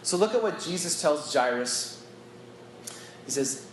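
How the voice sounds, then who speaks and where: A man's voice: on the high side, animated, a little slow, pauses often, roomy sound, a little hiss or hum, low-quality recording. A man giving an earnest, reflective Bible teaching to church staff, talking conversationally, recorded on a phone in a meeting room.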